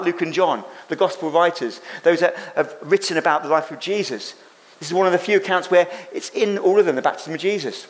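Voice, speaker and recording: A man preaching a sermon as pastor, speaking emphatically, repeating phrases for effect and acting out quoted lines. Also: high-pitched.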